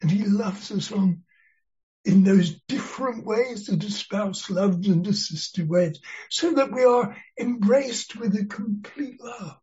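A preacher giving an expository sermon, speaking in a slow, deliberate and earnest way and leaning on key words. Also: medium pitch, mellow. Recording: dull lo-fi sermon recording.

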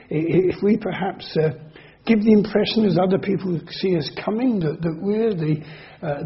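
A man preaching a sermon in an earnest, measured teaching manner, slowing down and repeating words for emphasis. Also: sits high. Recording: dull lo-fi recording.

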